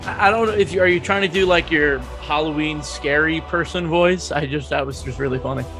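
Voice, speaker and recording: A man co-hosting a casual high school football podcast, talking conversationally and restating his points. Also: brisk, vocal fry, music in the background. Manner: conversational, repeats points, frequent fillers. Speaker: podcast co-host. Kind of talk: casual sports podcast chat.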